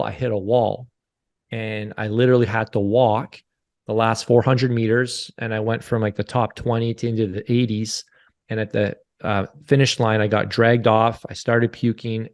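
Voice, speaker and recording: A man's voice: lowish voice, darkish tone. Earnest man in his forties. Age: 40s. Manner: earnest, confessional, repeats phrases. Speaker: podcast guest. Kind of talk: candid interview storytelling.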